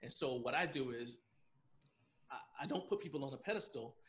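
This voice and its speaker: Man, podcast guest, casual storytelling, animated, laughs a lot, rambling, mid-pitched. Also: fairly quick. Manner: animated storyteller who laughs often while telling; loose, rambling with frequent restarts and fillers.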